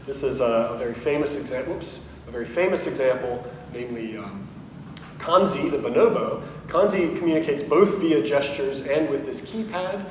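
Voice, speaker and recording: A university professor giving a conversational science lecture, explaining with light humor and correcting himself along the way. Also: male voice, mid-range voice, lively intonation, normal speed. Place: lecture hall. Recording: echoey hall, mic at a distance, faint noise.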